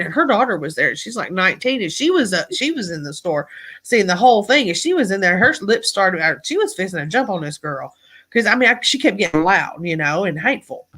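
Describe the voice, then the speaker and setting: A woman's voice: medium pitch, sharp tone, breathy edge. A woman, hosting a live stream and talking in a chatty, blunt, rambling way about managing her phone store. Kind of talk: casual live-stream chat.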